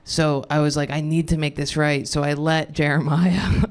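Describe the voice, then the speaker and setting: A man's voice: a little high, level tone, normal speed, crowd noise. A sleep-deprived man doing a rambling, self-deprecating stand-up set with crude stories. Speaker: stand-up comedian. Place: comedy club stage.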